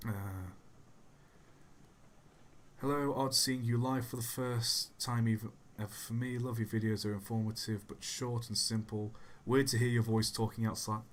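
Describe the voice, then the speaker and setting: A soft-spoken young man answering chat questions on a casual livestream, rambling and self-deprecating. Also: medium pitch, fairly even intonation, moderate pace, slight background noise. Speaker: YouTube channel host. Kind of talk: casual livestream Q&A while gaming.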